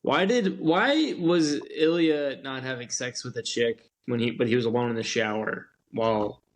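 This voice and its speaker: A man's voice: medium pitch, normal speed. A man co-hosting a podcast, joking and teasing in casual chat. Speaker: podcast co-host.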